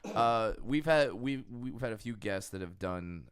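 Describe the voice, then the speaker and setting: A man hosting a podcast, asking eager, chatty questions with quick asides. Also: lowish voice, expressive, clean tone. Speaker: podcast host. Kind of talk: casual interview.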